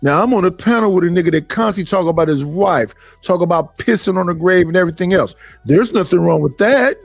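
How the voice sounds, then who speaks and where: Middle-aged dude w/ on a stream, raised pitch, cussing and preaching, dry mic, faint music. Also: male voice, expressive, fast, creaky, no echo. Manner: blunt, profane, preachy. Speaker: stream host. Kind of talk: casual live-stream rant.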